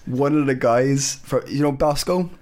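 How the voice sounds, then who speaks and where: An Irish man co-hosting a podcast in casual chat, halting and full of restarts. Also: mid-range voice, slight background noise. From Ireland. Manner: animated, halting, lots of restarts and fillers. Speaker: podcast co-host.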